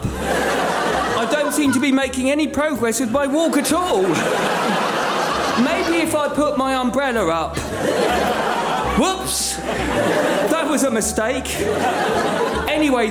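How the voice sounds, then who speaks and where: A man's voice: very high voice, exaggerated voice. An actor playing a pompous elderly male professor who narrates his own mime in a plummy, theatrical voice, in a comic radio sketch before a live audience. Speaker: cast member. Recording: echoey hall with music and audience laughter.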